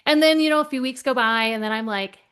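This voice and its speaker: A middle-aged woman with a slightly high voice tells workplace stories with lots of energy. She slips into the voices of her characters as she goes, in an easy conversational flow. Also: fast, clean tone. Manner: lively, acts out voices in her anecdotes. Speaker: guest, keynote speaker. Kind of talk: animated storytelling in conversation.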